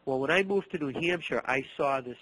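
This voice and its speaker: This middle-aged Boston-area man, a martial arts instructor, is an animated storyteller in an interview, performing the dialogue and repeating words as he goes. He speaks briskly at medium pitch on a rough recording.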